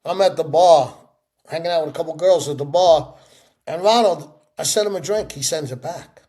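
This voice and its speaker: A middle-aged man in a sit-down interview, telling stories with lively acted-out voices. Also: fairly high pitch, moderate pace. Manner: animated storyteller acting out quoted voices. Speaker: interview guest.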